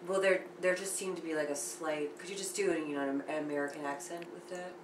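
A woman with a low voice running an audition, polite yet awkward and full of hesitations. She sounds distant in an echoing room with clear background noise. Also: steady tone, fast talker. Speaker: casting director. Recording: roomy echo, far from the mic.

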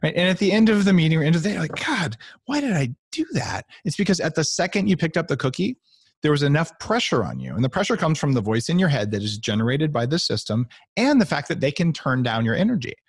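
A man's voice: fairly high pitch, sing-song, fast talker, husky, no echo, clean studio sound. A middle-aged man, a guest author, talking playfully on a podcast and acting out little voices as he explains. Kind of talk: animated podcast talk.

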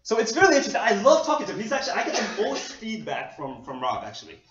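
A man from New York preaching a casual, animated sermon, self-deprecating and laughing often. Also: sits high, fast, music in the background. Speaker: pastor. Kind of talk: conversational sermon. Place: church hall. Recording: echoey dull lo-fi hall recording.

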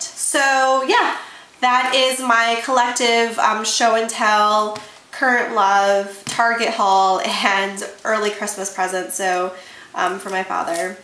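A woman's voice: medium pitch, fairly even intonation, a little slow, pushed and bright. A young woman chatting casually about makeup she bought, gushing and enthusiastic, repeating words for emphasis. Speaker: beauty vlogger. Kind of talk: casual haul chat. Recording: echoey room with faint hiss.

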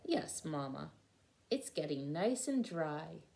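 A woman reading a storybook aloud, voicing a young girl who answers softly. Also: sits low, sing-song, takes it slowly, creaky, voice pushed down, full character voice. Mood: content.

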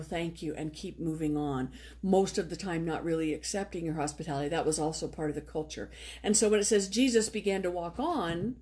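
Conversational woman preaching a sermon. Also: mid-range voice. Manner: conversational, retells story with lively voiced quotes. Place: church.

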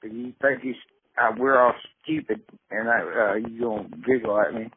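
A man's voice: medium pitch, moderate pace, husky. A man voicing an irate, stubborn Mississippi caller with a Southern accent who rambles and cusses. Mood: indignant. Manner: blustering, cussing, rambling. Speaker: prank caller. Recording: tinny phone line with faint hiss.

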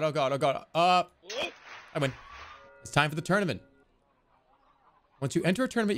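An excitable man gives casual commentary while he plays a video game, reading the on-screen text aloud and joking about what happens. His voice sits a little high and swings widely in pitch. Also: slight background noise. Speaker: streamer playing a video game.

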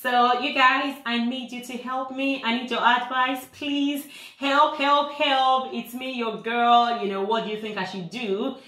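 A woman's voice: a little high, flat delivery, a little slow, sharp tone. A woman playing a vain young Instagram wife gushing to her followers. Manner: gushing, social-media chatter. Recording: echoey room.

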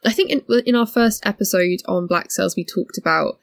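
A woman co-hosting a podcast in casual discussion, talking in a thoughtful, analytical way that builds her points slowly. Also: fairly low pitch, gravelly, dry recording, studio quality. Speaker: podcast co-host.

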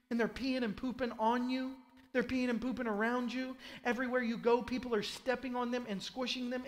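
A man pastor preaching a sermon, telling a vivid story in the second person and swinging between loud and hushed. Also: extremely high pitch, in a large hall. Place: church sanctuary.

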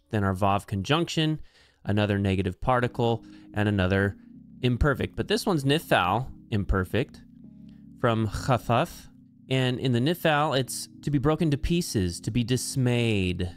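A man teaching Bible translation, walking through Hebrew grammar term by term in a deliberate, explanatory way. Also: mid-range voice, lively intonation, faint music behind. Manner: slow, deliberate, spells out each term.

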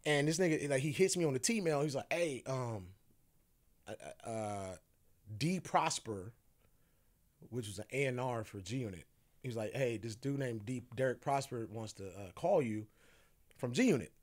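A man's voice: mid-range voice, animated, moderate pace. A man who is a podcast guest, casually telling a story, acting out the quoted dialogue and laughing often.

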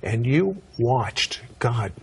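A man's voice: medium pitch, sing-song, very slow, slightly rough. A man hosting an interview, prompting his guest with short, probing questions. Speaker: host.

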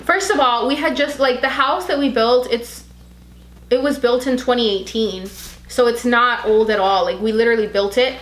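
A woman's voice: a little high, normal speed, fairly bright tone, slight background noise. Chatty emotional woman, roomy sound. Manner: chatty, heavy use of "like"; emotional, easily tearful. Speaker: podcast co-host. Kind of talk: casual chat.

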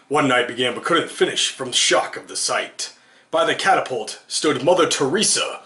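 A man's voice: mid-range voice, expressive, normal speed, bright, forceful tone. A man reading an absurd comic story aloud, amused and giggling through it. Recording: roomy echo.

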